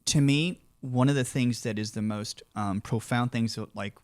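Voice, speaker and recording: In a studio-quality recording with no echo, a man with a medium-pitched, slightly mellow voice speaks at a moderate pace. He's a doctor hosting a podcast, chatting casually in an interview, asking long, rambling questions and offering frequent affirming backchannels.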